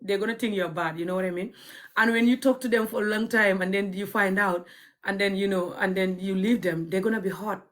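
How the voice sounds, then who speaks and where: This outspoken Gambian vlogger talks casually to viewers, telling stories with frank, cheeky humour and frequent laughs. Her accent is Gambian. She has a mid-range voice with a steady tone and speaks a little fast.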